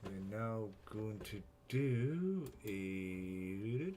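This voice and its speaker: A man's voice: lowish voice, animated, slow pace, hardly any pauses, a little mellow, a little hiss or hum. A man hosting a casual live stream, rambling, swearing freely and chuckling often as he greets viewers.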